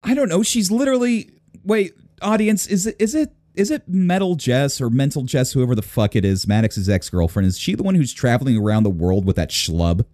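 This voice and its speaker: A man's voice: medium pitch, sing-song, fairly quick, dark tone, no room sound, clean studio sound. A man hosting a podcast in casual banter, teasing and crude, laughing often. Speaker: podcast host.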